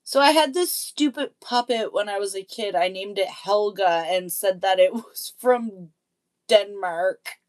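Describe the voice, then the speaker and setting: A woman hosting her own live stream, talking in an unhurried, easygoing way. She chats casually with viewers, pokes fun at herself and breaks into laughter often. Her voice sits at an ordinary middle pitch. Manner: chatty, self-deprecating, laughs often.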